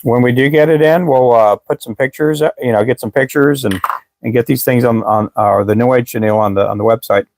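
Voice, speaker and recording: This man's medium-pitched voice is steady, a bit creaky and a little mellow, moving a little fast over a slight hiss or hum. He's hosting a casual live stream selling fishing lures, rambling with viewers, often restarting sentences, and saying he's losing his voice.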